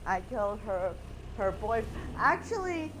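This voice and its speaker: Slow-talking woman chatting over gameplay. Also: medium pitch, big pitch swings, fairly bright tone, poor audio. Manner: laughs often, blunt and joking. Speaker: gaming co-player. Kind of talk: casual chat while playing a game. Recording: noticeable background noise.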